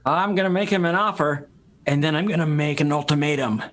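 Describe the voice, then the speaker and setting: Dry low-key man improv player. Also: a little fast, a bit bright. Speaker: improv performer. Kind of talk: improv game turns.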